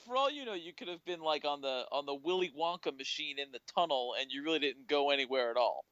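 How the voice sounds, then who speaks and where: A man's voice: a little high, quick pace, clean tone, dry recording, muffled recording. A man co-hosting a comedy podcast, teasing his friends and telling stories with lots of restarts. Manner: animated storyteller, teasing, stumbling restarts. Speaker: podcast co-host. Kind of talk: casual comedic chat.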